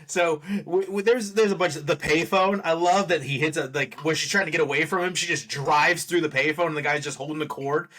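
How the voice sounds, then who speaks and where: A man's voice: fairly high pitch, brisk, hardly any pauses, fairly bright tone. A man co-hosting a podcast, chatting casually about a movie with a wry, sarcastic edge and frequent laughter. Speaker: podcast co-host. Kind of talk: casual movie review chat.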